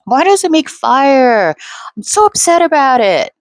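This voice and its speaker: A woman voicing an overreacting, panicky complainer in a shrill, whiny, exaggerated way. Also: sing-song, a little slow, no echo, exaggerated voice.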